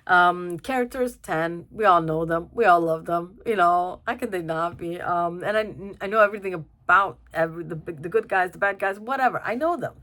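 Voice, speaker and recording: A young woman talks through a film review in a relaxed, chatty way. Her voice sits a little low, and she keeps circling back with fillers and restarts. She breaks into laughs as she goes. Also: normal speed, hardly any pauses. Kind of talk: casual spoken review.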